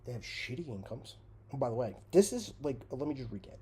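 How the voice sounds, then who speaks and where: A man's voice: medium pitch, sing-song, a little fast, a little hiss or hum. Swearing, sarcastic man on a rant. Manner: swears constantly, sarcastic, swings between shouting and muttering. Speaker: commentary show host. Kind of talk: profane comedic rant.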